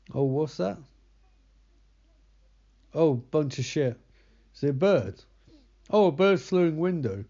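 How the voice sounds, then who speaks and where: A man's voice: mid-range voice, mellow. A young man recapping a movie in casual, sardonic commentary. He swears often and keeps losing track of the characters' names. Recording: slightly dull lo-fi recording.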